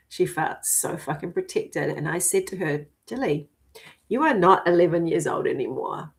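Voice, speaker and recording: A woman in her fifties talks straight to camera as a spiritual coach. She swears freely and hammers her points home. Between her loud declarations she sinks into hushed, breathy whispers. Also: on the low side, animated, moderate pace. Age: 50s. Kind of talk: spiritual vlog monologue.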